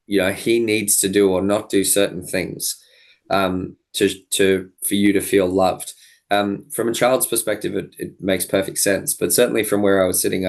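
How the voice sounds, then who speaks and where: A man's voice: lowish voice, creaky. A young man, a podcast guest, telling a personal story in an earnest, thoughtful way, often restarting his phrases. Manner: earnest, thoughtful, with frequent restarts and quoted dialogue. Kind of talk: reflective storytelling in an interview.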